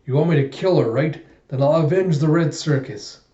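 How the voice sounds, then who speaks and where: A man's voice: a little high, moderate pace, warm tone, roomy sound, dull audio, lightly acted. A man voicing a brooding male hitman disguised as a waiter in a manga reading. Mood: grim.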